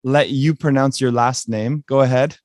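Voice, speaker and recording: A man's voice: mid-range voice, steady tone, moderate pace, no room sound. Upbeat podcast host man, dry sound. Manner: upbeat, chatty, many fillers. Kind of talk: casual interview conversation.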